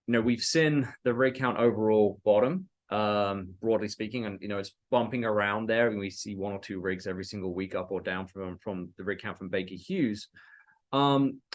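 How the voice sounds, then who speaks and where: A man co-presenting a business webinar as an industry analyst, talking conversationally with frequent fillers that trail off softly. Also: on the low side, normal speed.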